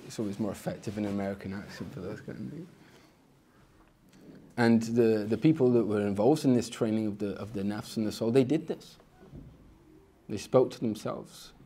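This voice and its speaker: With a mellow voice at normal speed and frequent pauses, a man gives a casual spiritual lecture as an Islamic teacher, with slight background noise. He repeats words at phrase starts and mimics inner voices through sudden pitch jumps.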